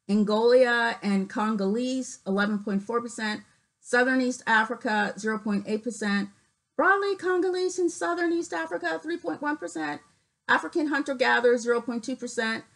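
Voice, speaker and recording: A woman vlogging casually, reading figures off her screen with many fillers and pauses, her voice cutting in and out. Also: on the high side, low-quality recording. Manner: reads figures aloud haltingly with many fillers. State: voice cuts in and out.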